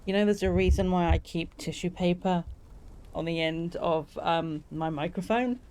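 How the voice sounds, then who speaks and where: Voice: medium pitch, moderate pace, darkish tone, smooth. A streamer giving casual, emotional commentary on a game.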